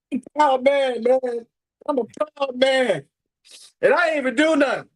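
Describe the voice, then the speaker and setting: A man's voice: extremely high pitch, unhurried, pauses often. A man co-hosting a wrestling review podcast, hyped and playful, repeating phrases for emphasis. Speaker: podcast co-host. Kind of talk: casual wrestling review chat.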